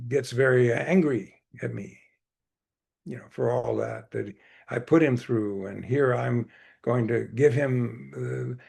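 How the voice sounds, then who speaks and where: A man's voice: medium pitch, creaky, a little mellow, husky. A man telling a story at a devotional gathering in a rambling way, with many fillers and restarts. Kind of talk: anecdotal storytelling presentation.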